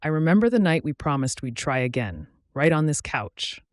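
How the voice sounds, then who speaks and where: A man reading the lines of a young woman in love, soft and trembling with emotion in an audiobook. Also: fairly high pitch, sing-song, normal speed, no echo, studio quality. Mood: tender.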